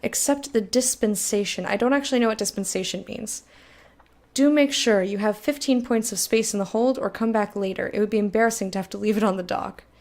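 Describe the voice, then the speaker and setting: A woman's voice: medium pitch, a little fast, darkish tone. A woman streaming a game, reading its text aloud and chatting frankly with viewers, swearing freely. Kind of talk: casual let's-play chat, reading game text aloud.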